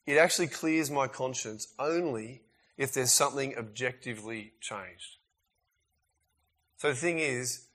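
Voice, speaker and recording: Emphatic preacher man. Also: medium pitch. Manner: emphatic, conversational preaching with sudden loud and quiet swings. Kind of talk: sermon.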